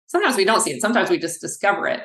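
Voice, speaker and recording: A woman physical therapist talking in a podcast interview, telling animated stories from her clinic. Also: mid-range voice, rapid-fire. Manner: animated, acts out quoted dialogue. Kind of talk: podcast interview, conversational storytelling. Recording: echoey room.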